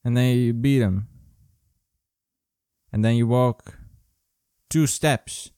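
A man's voice: medium pitch, fairly even intonation, slow, long pauses, mellow, clean tone, no echo, studio quality. A man hosting a solo podcast, ranting sarcastically and profanely in a grumpy way. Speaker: podcast host.

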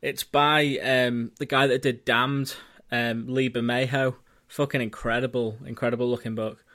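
A man's voice: medium pitch, little pitch movement, normal speed, a bit bright. A man co-hosting a podcast, chatting in a laid-back way and swearing casually. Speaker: podcast co-host. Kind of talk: casual chat.

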